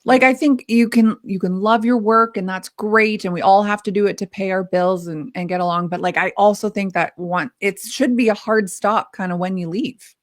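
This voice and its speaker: A woman's voice: mid-range voice, fairly even intonation, moderate pace, hardly any pauses. A woman hosting a podcast, chatting casually and sharing personal stories with her guest. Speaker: podcast host.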